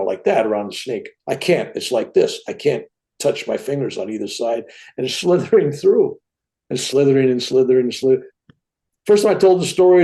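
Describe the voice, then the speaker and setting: A man in his seventies, a guest telling a personal story in an animated way, often tagging his sentences with "right?". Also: medium pitch, vocal fry. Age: 70s. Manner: animated, tag questions like "right?".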